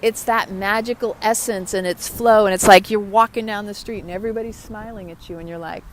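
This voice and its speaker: A woman's voice: medium pitch, steady tone, brisk, hardly any pauses, a little hiss or hum. A woman talking to her viewers in a motivational vlog, upbeat and chatty. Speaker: vlogger. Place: outdoors.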